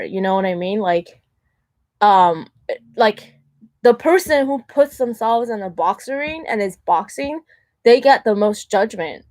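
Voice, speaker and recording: A woman's voice: medium pitch, dry recording. A young woman hosting her own show, talking in a blunt, chatty way, full of "like" fillers and mocking quoted voices. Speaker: host. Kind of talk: casual monologue.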